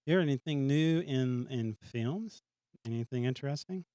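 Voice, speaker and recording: A man's voice: mid-range voice, expressive, moderate pace, mellow, clear, resonant tone, dry recording. A man co-hosting a podcast, easygoing and enthusiastic in casual chat. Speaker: podcast co-host.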